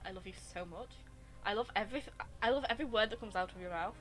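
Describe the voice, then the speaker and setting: A woman's voice: mid-range voice, quick pace, fairly bright tone, soft background music. A woman streaming a game, chatting casually in a gushing, rambling way. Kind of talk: casual live-stream chat over gameplay.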